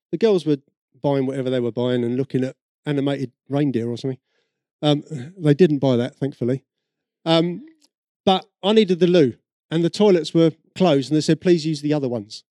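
A British preacher delivers a sermon full of personal stories in a chatty, storytelling style, slipping into the voices of people he's met. His voice is slightly high for a man yet mellow and warm, recorded close and dry with no room sound.

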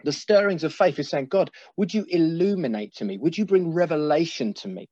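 A man preaching a sermon as a pastor, earnest and pastoral, slowing down to stress his points. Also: fairly high pitch, animated, mellow, dry recording, dull audio. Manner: earnest, pastoral, slows for emphasis.

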